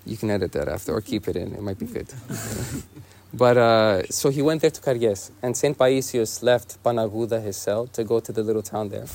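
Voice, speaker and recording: A young man, a monk, telling a saint's story in a relaxed, casual way with lots of "you know" and "like". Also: lowish voice, brisk. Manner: easygoing, many fillers like "you know" and "like".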